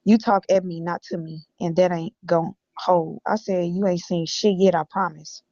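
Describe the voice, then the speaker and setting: Woman, from Illinois, blunt, profane, reading texts out, flat delivery, dry and muffled sound. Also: lowish voice, normal speed, dry recording. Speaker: guest recounting text messages. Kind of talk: reading text messages aloud on a stream. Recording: dull lo-fi audio.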